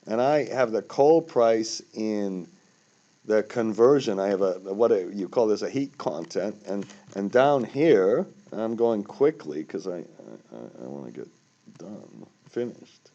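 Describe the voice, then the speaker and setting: A man's voice: fairly low pitch, lively intonation, takes it slowly, mellow, dull audio. Rambling older man teaching spreadsheets. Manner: rambling, self-correcting, with sudden emphatic bursts. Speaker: finance instructor. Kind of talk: screen-recorded spreadsheet tutorial.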